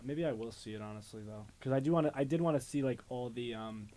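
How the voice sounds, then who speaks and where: A man's voice: medium pitch, fast, warm tone. Hesitant young man asking questions. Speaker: podcast co-host. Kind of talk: casual movie chat.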